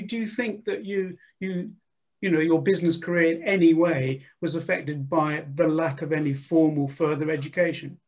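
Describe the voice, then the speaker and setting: Husky-voiced man asking halting questions. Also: a little high. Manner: hesitant, stumbling questions. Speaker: interviewer. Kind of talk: interview questions.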